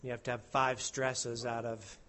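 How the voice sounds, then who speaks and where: A man's voice: medium pitch, flat delivery, normal speed, noisy background. A man leading worship as a pastor, reading psalms and preaching a sermon in an earnest, declamatory way. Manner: earnest, declamatory with emphatic rises. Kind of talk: sermon and liturgy.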